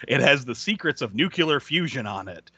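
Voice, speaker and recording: A man's voice: mid-range voice, lively intonation, moderate pace, bright, forceful tone, husky, dry recording, dull audio. A man co-hosting a podcast, recapping a movie in casual chat, swearing freely and laughing often. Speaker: podcast co-host.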